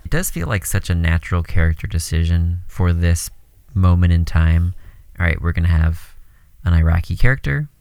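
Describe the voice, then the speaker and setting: A podcast co-host in casual chat, talking in a relaxed, wry way. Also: deep voice, normal speed, smooth, dry recording.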